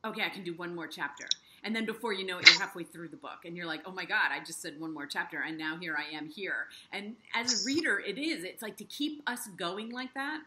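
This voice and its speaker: A woman's voice: on the low side, a little fast, few pauses, noisy background. A middle-aged woman interviewing an author, gushing with enthusiasm and tumbling over her own words. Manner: gushing, effusive, talks over herself with restarts. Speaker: interviewer and book reviewer.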